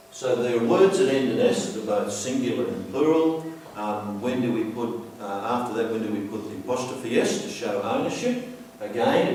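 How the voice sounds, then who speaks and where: Low-voiced teacher in a very echoey room. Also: male voice, darkish tone, a little hiss or hum. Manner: patient, repetitive explaining, slows down to stress words. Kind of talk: slide-based grammar lesson. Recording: very echoey room, distant mic.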